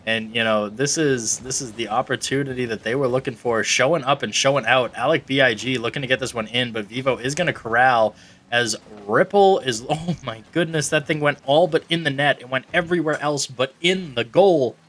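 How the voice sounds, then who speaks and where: A man's voice: mid-range voice, a little fast, a bit bright, a little hiss or hum. A man calling an esports match play-by-play, joking with his co-caster. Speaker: esports commentator. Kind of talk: play-by-play commentary.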